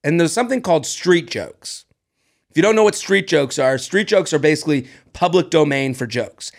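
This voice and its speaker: A man co-hosting a podcast, telling stories in casual chat, animated and laughing often. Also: fairly high pitch, moderate pace. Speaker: podcast co-host.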